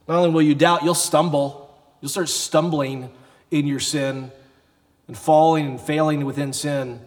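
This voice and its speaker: A man's voice: fairly high pitch, moderate pace. Man preaching in an echoing church. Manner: conversational preaching, acts out quoted voices. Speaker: pastor. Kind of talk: sermon.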